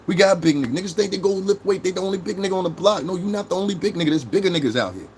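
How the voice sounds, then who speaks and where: A man's voice: high voice, expressive, racing, a little mellow, slight background noise. A man with a New York accent in his thirties, hosting a casual livestream, brash and profane as he talks straight to his chat. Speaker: livestream host.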